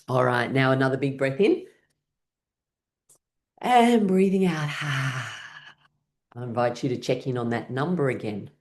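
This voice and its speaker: A woman's voice: rumbling low, expressive, unhurried, pauses often. A woman leading an online laughter yoga class, coaxing people through breathing, shaking and clapping, and breaking into rhythmic laughter herself. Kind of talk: guided laughter exercise class. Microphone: online class, video call.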